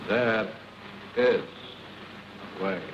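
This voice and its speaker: An actor playing a sinister male voodoo master in 1930s film style, drawing out each word with cold menace. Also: lowish voice. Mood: ominous. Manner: slow, ominous, drawn-out delivery. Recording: dull, hissy 1930s film soundtrack.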